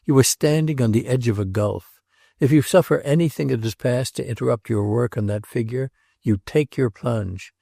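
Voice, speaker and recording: A man voicing an earnest male friend in a read novel, pleading with steady, urgent seriousness. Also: mid-range voice, moderate pace, gravelly, dry recording, studio quality. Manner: earnest, urging.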